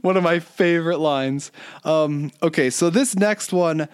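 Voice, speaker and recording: Smooth-voiced man in casual chat. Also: fairly high pitch, dry recording, studio quality. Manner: chatty, laughs often, spells words out slowly. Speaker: podcast co-host.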